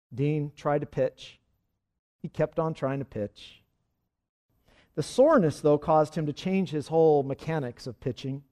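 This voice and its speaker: A man's voice: fairly high pitch, darkish tone. A male pastor preaching a sermon and then leading a prayer, in an earnest manner.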